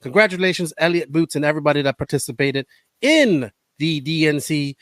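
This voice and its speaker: A man's voice: a little high, expressive, fairly quick, a bit bright, dry recording. A man hosting a casual podcast from a camper set up as a makeshift studio, talking in a joking, playful way. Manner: joking, playful, mock-solemn. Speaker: podcast host.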